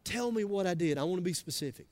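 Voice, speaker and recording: A man with a Southern US accent preaching a sermon, chatting with the congregation between soft asides and loud emphatic lines. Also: sits high, lively intonation, quick pace. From American South. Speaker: pastor.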